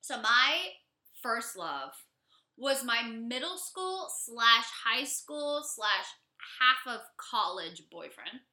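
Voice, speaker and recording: A young woman co-hosting a podcast, chatting casually and telling stories with animated energy. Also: on the high side, takes it slowly, echoey room. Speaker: podcast co-host.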